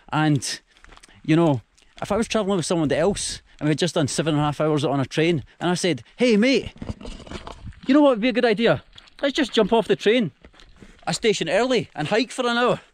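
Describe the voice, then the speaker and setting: Young Scottish man, self-mocking travel vlogger, chatty to a handheld camera outdoors, light noise. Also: a little high. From Scotland. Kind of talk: casual vlog to camera. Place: outdoors, countryside by rail tracks. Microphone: handheld action camera.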